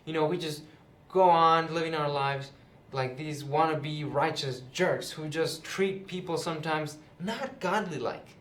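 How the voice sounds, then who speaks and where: A man's voice: fairly high pitch, unhurried, fairly bright tone. A young man retelling a Bible parable in a chatty, casual way, seated indoors. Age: young adult. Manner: chatty, with many fillers like "you know" and "right". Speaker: youth Bible teacher, channel host. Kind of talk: casual Bible lesson to camera. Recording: roomy echo.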